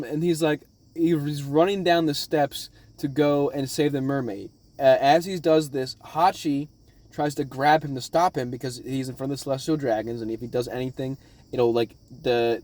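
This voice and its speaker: A man at home giving a casual, rambling recap of a show in an excitable, profane way. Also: mid-range voice, no room sound. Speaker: anime reaction vlogger.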